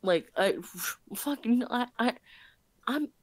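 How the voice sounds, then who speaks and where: A woman telling a casual story on a stream, animated and profane, stumbling over restarts. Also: fairly high pitch, slow, no echo.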